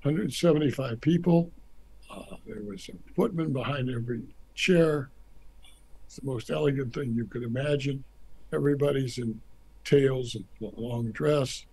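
Older male guest, raspy storyteller, slips into voices for quotes. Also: mid-range voice, normal speed, poor audio. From United States. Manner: animated storyteller acting out quotes. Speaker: former ambassador, guest. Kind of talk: anecdotal interview storytelling.

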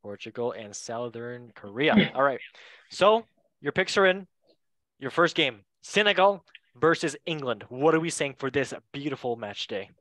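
A young man hosting a casual football podcast, playful and quick to laugh, with goofy asides. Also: medium pitch, sing-song, a bit bright, no echo. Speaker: podcast host.

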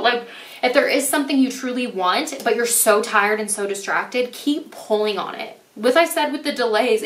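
A woman's voice: medium pitch, fairly bright tone, distant mic, slight background noise. Young woman tarot reader, gushing and emphatic, slightly off-mic in a roomy space. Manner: gushing, emphatic, swears casually. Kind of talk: casual tarot reading to viewers. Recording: echoey room, voice a bit off-mic.

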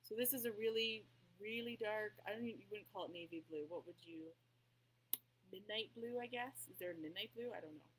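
A woman's voice: mid-range voice, fairly quick, a little hiss or hum, poor audio. Chatty, apologetic woman demonstrating a craft. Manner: chatty, apologetic, often trails off quietly. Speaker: craft tutorial host. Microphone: table mic that cuts out.

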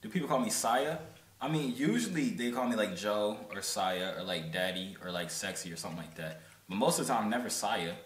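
A man's voice: on the low side, lively intonation, fairly quick. A young man in his twenties, a YouTuber chatting and joking playfully with strangers on a video call. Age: 20s. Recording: roomy echoey sound.

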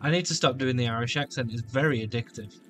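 A man giving let's play commentary on a shooter, jokey and taunting enemies with sudden shouts. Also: mid-range voice, fast talker, soft background music. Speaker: gameplay commentator.

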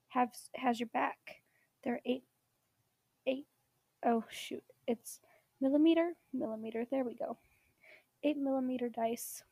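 High, gravelly woman losing her voice. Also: mellow, no echo. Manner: enthusiastic, rambling, many ums. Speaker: tabletop gaming channel host. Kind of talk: casual product shout-outs.

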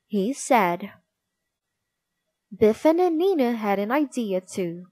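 Slow, lively woman reading a storybook. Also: on the high side, dry recording. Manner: slow, expressive read-aloud. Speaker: narrator.

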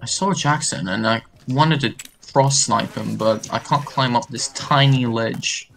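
A man's voice: medium pitch, measured pace, gravelly, fairly bright tone, faint music behind. A man in casual chat with friends while playing an online shooter, laughing often and joking around. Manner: chatty, laughs often, playful. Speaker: gamer.

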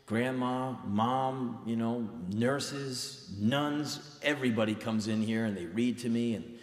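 A man's voice: mid-range voice, slow pace. A man voicing a brave, frank teenage boy in a hospital bed, in his own voice. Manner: frank, plain-spoken. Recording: reverberant live hall recording.

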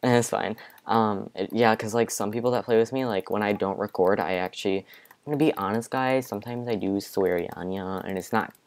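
A young man giving casual let's-play commentary from his bedroom, excitable, with panicky outbursts and repeated exclamations. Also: fairly low pitch, a little fast. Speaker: gaming video creator. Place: home bedroom.

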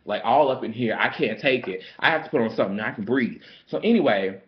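A man's voice: mid-range voice, lively intonation, quick pace, dull audio. A man telling a story in a sassy, dramatic way, calling the listener girl and honey. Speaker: vlogger. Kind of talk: casual storytime rant.

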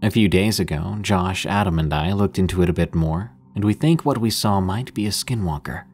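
A man narrating scary stories in a steady, measured way as the show's host. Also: deep voice. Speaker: horror story narrator. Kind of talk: scripted narration of horror stories.

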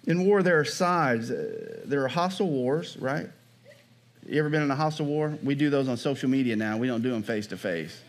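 A male pastor preaches in a conversational style, often asking the congregation "Amen?" and "right?" His medium-pitched voice is sing-song and fairly quick.

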